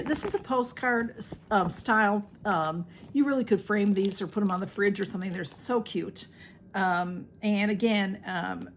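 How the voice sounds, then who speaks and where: Woman, casual gushing unboxing vlogger who chats to her cats, mid-pitched voice, faint hiss behind her. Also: gravelly. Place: home.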